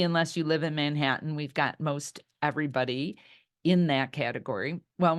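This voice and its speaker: Low-voiced chatty middle-aged woman. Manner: chatty and personal, reacting to the chat as she goes. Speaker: workshop leader. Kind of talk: storytelling talk in an online workshop. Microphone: video call.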